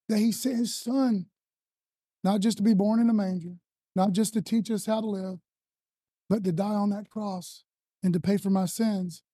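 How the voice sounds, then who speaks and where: A man's voice: high voice, warm tone, no room sound. A man preaching a sermon in a loose, conversational way, often adding "man" and "you know.". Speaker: pastor.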